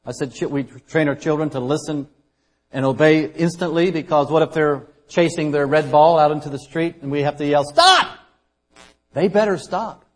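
Male pastor, slightly higher voice, casual preaching, loud emphasis dropping to soft asides. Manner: conversational preaching, dynamic loud and soft swings. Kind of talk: sermon.

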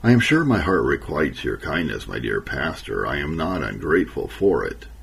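Sorrowful humble woman, soft and trembling, apologetic, man reading her in a deep gravelly voice. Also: very animated, normal speed, a little hiss or hum, full character voice. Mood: tearful, apologetic. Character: sorrowful, tearful middle-aged woman, gentle and humble.

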